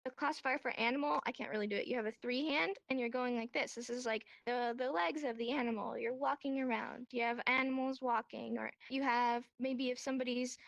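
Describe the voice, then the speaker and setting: Brief: woman, high pitch, dry close sound, animated class teacher acting out examples. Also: a little fast, creaky, hardly any pauses, no room sound, lo-fi sound. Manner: animated, acts out examples in voices. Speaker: sign language teacher. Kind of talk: casual online class explanation. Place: VR chat room.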